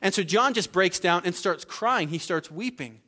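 A male pastor delivers a sermon in a fairly high voice. He speaks with earnest emphasis, stopping to repeat words and restart his thoughts. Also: expressive, moderate pace, bright, forceful tone.

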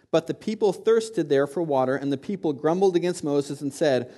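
A man's voice: on the high side, moderate pace. Man preaching a sermon with rising intensity. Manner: repeats words, restarts often, builds to loud peaks. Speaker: pastor.

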